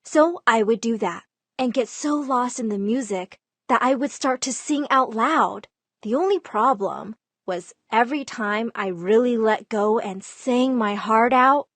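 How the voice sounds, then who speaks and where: Expressive woman storyteller, bright high voice, dry close sound. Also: no room sound. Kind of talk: scripted storytime narration.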